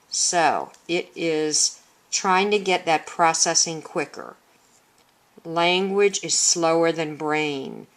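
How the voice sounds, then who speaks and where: Slow, low-voiced woman teaching reading methods. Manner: explains methods, then reads a children's book aloud to demonstrate. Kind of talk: recorded teaching demonstration. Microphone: handheld consumer video camera.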